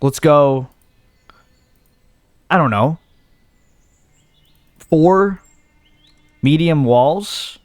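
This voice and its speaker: A man's voice: fairly high pitch, extremely slow, pauses often, dry recording, studio quality. Casual man thinking aloud while gaming. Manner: thinks aloud, talks himself in and out of ideas, trails off. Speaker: gaming video host. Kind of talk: casual let's-play commentary.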